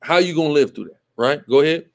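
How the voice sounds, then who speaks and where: A man's voice: on the high side, expressive, quick pace, gravelly. A man hosting live commentary, talking emphatically and repeating himself, often asking "right?". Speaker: show host.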